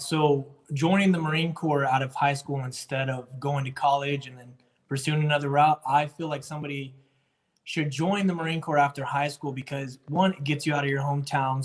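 A young Marine sergeant from North Carolina, answering interview questions earnestly and at a measured pace. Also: male voice, fairly high pitch, fairly even intonation. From Jacksonville, North Carolina.

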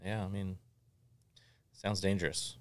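A man in his forties from Florida hosting a casual chat, telling stories in an animated, joking way. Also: deep voice, measured pace. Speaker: podcast host.

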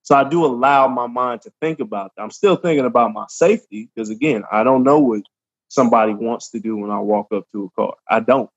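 A man in a casual podcast chat, a police officer who explains things calmly and in measured steps. His voice sits in a middle register, and the sound is dull and lo-fi. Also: medium pitch. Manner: calm, measured, explains at length.

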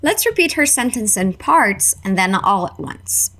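Slow, lively Canadian woman teaching English. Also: medium pitch. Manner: drills phrases slowly, repeats for learners. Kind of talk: slow, clear language lesson.

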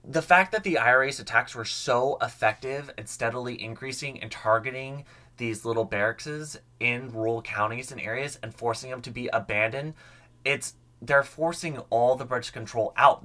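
A bright, forward-sounding young man narrating a history podcast in a casual, chatty way. He sounds eager about the subject, with mid-range pitch. Relaxed, conversational delivery throughout. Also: moderate pace. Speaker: podcast host.

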